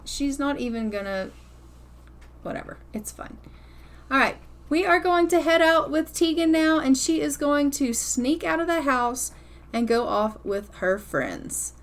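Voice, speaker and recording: A woman with a slightly high voice talks through her game in a loose, chatty way. She is blunt and curses casually as she comments on what her characters do. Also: animated, a little slow. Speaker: gameplay commentator.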